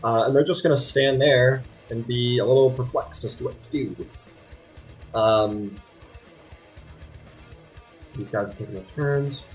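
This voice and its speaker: A man narrating a tabletop game as game master, relaxed and rambling with many fillers. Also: medium pitch, unhurried, long pauses, faint music behind.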